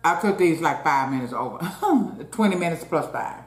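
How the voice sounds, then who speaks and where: A woman hosts a casual mukbang, talking between bites and constantly calling out to her viewers in a running chat. Her voice is low-pitched with lively intonation at a moderate pace, and the room has a noticeable echo.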